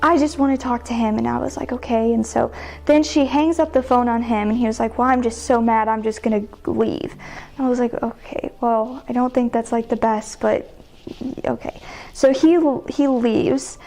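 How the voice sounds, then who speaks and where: Young female guest, slightly high voice, casual rambling storyteller. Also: steady tone, normal speed, creaky, mellow. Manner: chatty, heavy use of "like" fillers. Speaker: sidewalk counselor guest.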